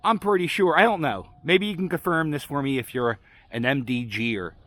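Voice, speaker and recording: A man's voice: on the high side, a little fast, a bit bright, no room sound. Chatty man on a street walk. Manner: chatty, rambling, self-deprecating. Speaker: vlogger walking tour host. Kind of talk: casual walking vlog chat. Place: outdoors on a city street.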